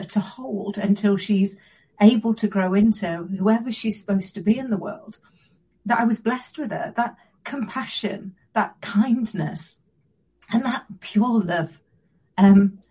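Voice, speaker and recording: Earnest woman guest with a warm, raspy tone, speaking reflectively. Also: mid-range voice, rough recording. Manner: earnest and reflective, with soft pauses. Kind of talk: personal story in an interview.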